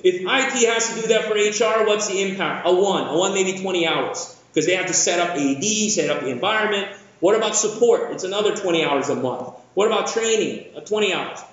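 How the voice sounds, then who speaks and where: Energetic male keynote speaker from the Philippines, bright high voice, echoey lo-fi hall sound. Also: a little fast, hardly any pauses. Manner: energetic, jokey, asks the audience questions. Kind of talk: conference keynote talk. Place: large conference hall.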